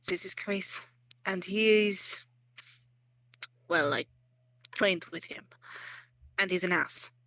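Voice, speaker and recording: A woman's voice: on the low side, slow, pauses often, fairly bright tone. A young woman narrating as game master in a casual, rambling way, full of fillers and joking at herself.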